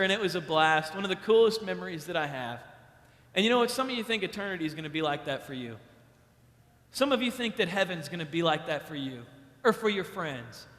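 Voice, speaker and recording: A young male preacher with a high, bright voice delivers an emphatic sermon. He repeats his main points and acts out stories with bursts of loud excitement. His voice rings through a big hall with a long reverb. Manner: emphatic, repeats key lines. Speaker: youth preacher.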